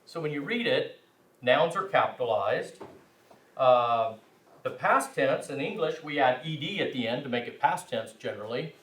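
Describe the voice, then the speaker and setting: A man's voice: mid-range voice, lively intonation, moderate pace, fairly bright tone. A man giving a language class lecture, rambling and self-deprecating, with frequent restarts. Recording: echoey room, mic far off.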